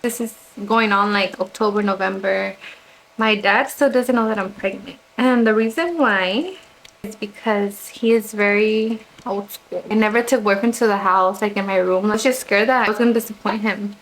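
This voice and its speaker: A young woman talks casually through a personal story while getting ready at home. She is chatty and quick to slip into quoting what others said, keeping it in her own mid-pitched voice. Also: steady tone, a little hiss or hum, rough recording. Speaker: vlogger.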